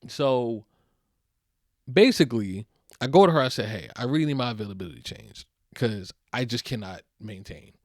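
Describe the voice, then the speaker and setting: A young man hosting a podcast tells a story as a loose, animated rant, full of slang and swearing. His voice sits at an ordinary middle pitch and is recorded dry and close, with no room sound. He sounds worn out. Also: normal speed, no room sound. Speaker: podcast host. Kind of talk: casual storytelling monologue.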